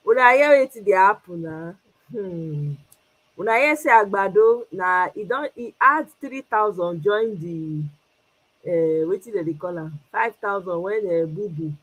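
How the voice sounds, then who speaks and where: A woman's voice: medium pitch, a bit bright, slightly rough, low-quality recording. A Nigerian woman hosting a casual livestream, greeting viewers by name and switching between English and Pidgin with frequent laughs. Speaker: livestream host.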